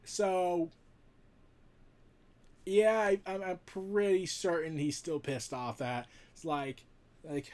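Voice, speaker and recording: A man's voice: high-pitched, steady tone, slow, long pauses, a little mellow. A man reviewing a comic book in a casual, rambling recap. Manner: rambling recap with fillers and restarts.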